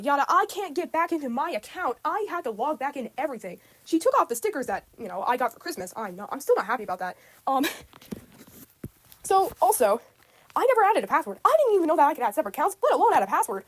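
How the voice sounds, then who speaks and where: A woman's voice: high voice, big pitch swings, fast, dry recording. A teenage girl, upset, rambling through a casual rant to camera, repeating herself with lots of ums. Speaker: student vlogger.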